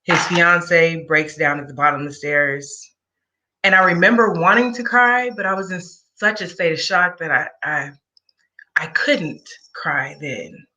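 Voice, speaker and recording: A woman's voice: lowish voice, moderate pace, pushed and bright. A woman in an interview recounting a personal story in a candid, conversational way with wry asides. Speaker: guest sharing a personal story.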